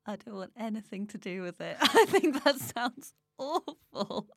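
A woman's voice: on the high side, very animated, a little slow, gravelly, dry recording, clean studio sound. A woman co-hosting a podcast, teasing and laughing in a casual chat. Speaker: podcast co-host.

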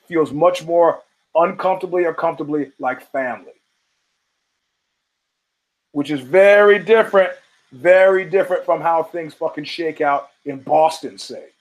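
The audio is poor in this clip of a podcast host whose voice runs on the high side. He tells his stories casually and profanely, slipping into character for each person he quotes.

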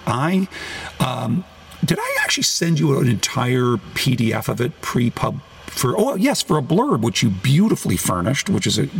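A man talking as a guest author on a podcast, rambling, correcting himself mid-sentence and getting animated. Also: mid-range voice, moderate pace, creaky, husky. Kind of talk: podcast conversation.

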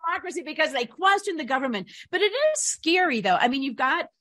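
Talk host, woman, slightly high voice, chatty, laughs easily, restarts a lot. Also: big pitch swings, fast talker, pushed and bright. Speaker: radio talk show co-host. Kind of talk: casual political talk.

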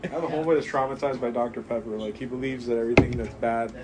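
A man in casual, profane banter, talking in an animated and opinionated way. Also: medium pitch, very fast. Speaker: comic shop co-owner.

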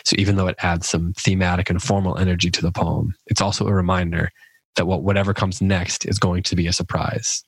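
Low husky man musing on a poem. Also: level tone, fairly quick, no room sound, rough recording. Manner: thoughtful, musing, with frequent restarts. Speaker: podcast host. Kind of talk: poetry commentary and reading.

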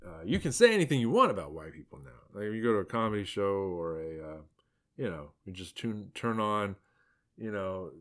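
A man's voice: fairly low pitch, very animated, a little fast, a bit bright. A man hosting a podcast, giving rambling, sarcastic commentary on his own essay with frequent asides. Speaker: podcast host.

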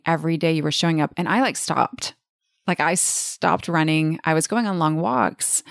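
A middle-aged woman hosting a podcast, telling candid, animated stories in casual chat and swearing freely. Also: fairly low pitch, dry recording, clean studio sound. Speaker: podcast host, life coach.

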